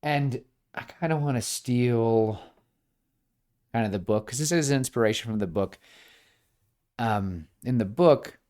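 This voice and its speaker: A man co-hosting a podcast, chatting casually as he pitches a film idea and acts out bits of dialogue along the way. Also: measured pace, pauses often, darkish tone. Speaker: podcast co-host. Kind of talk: casual pitch-meeting chat.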